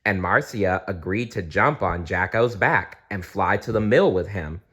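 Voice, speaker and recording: A man reading a children's storybook aloud, gently and with small restarts. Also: deep voice, a little slow.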